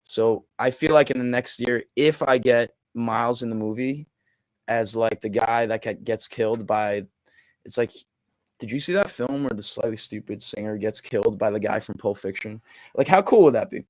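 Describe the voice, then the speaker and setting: A young man talks in an excitable, loose way, cursing freely and acting out little quoted exchanges as he goes. His voice sits at an ordinary middle pitch. The sound is dry and close, with no room around it. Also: no room sound. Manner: excitable, swearing, quoting himself in quick asides. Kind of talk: casual chat.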